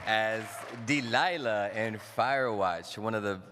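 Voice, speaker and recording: A man hosting a convention panel interview, playful and quick to joke. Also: lowish voice, background noise. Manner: playful, laughs easily, quick jokes. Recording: long convention hall reverb.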